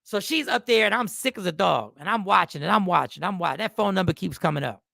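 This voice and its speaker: Man, fifties, comedian host, gravelly voice, bright tone, dry close mic, rambling stories. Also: sits high, fast talker, no room sound. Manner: rambling, animated, self-mocking. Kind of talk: casual comedic storytelling.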